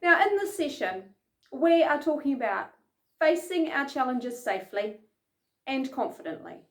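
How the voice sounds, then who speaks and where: A woman leading an energetic children's lesson, chanting and calling out game sounds. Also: high voice, measured pace. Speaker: children's program instructor. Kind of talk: lively kids' lesson from home. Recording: echoey room.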